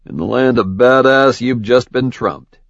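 A stern immortal leader, as a male narrator puts him on, calm, dry and used to giving orders. The delivery is measured and even, on a dull, dry audiobook recording. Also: medium pitch, no echo, lightly acted.

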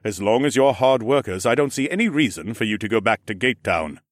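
A man's voice: on the low side, lively intonation, fairly quick, no room sound, clean studio sound, natural voice. A man doing a hearty, shrewd ram lord. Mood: measured. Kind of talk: audiobook character voice.

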